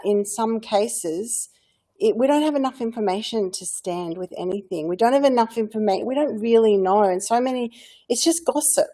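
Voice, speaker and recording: A woman's voice: on the high side, normal speed, warm tone. A woman hosting a casual group chat on a video call, making her point firmly with rhetorical questions. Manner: firm, lecturing with rhetorical questions.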